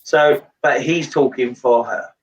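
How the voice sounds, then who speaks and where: A man working as a medium, giving a live reading to a sitter in a halting way, with many pauses and fillers. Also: medium pitch. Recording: distant mic, dull lo-fi sound.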